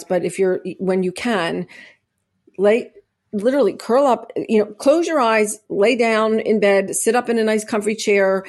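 A woman's voice: medium pitch, darkish tone. A middle-aged woman, a podcast guest, talking earnestly and at length, with many restarts and fillers. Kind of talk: conversational interview, personal testimony.

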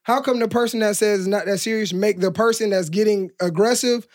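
Brief: male podcast co-host with a high voice, rambling casual talker, lots of "like". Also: a little fast. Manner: rambling, heavy use of "like", acts out quoted exchanges. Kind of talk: casual chat.

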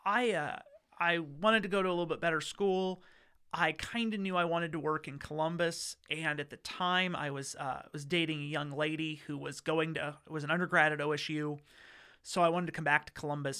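A man's voice: a little high, sharp tone, clean tone. A man, a guest in an interview, telling casual stories in a chatty way, acting out quotes with lots of fillers and restarts. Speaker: interview guest recounting law school. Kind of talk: casual storytelling.

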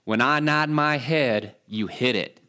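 A man's voice: medium pitch, unhurried, pushed and bright, clean tone. A man voicing a folksy father with a US Southern accent, drawling and matter-of-fact. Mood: confident.

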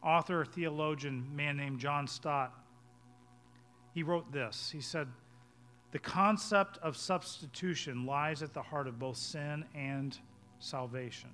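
A man preaching a sermon as pastor, swinging between hushed, low passages and loud, urgent ones. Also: slow, faint music behind.

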